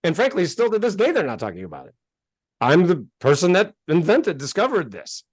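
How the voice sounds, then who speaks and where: Guy guesting on a podcast, fairly high voice, gets worked up telling his story, dry close sound. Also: a little fast, slightly rough, no room sound. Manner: animated, gets worked up and acts out exchanges. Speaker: interview guest, self-help author. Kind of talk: casual interview storytelling.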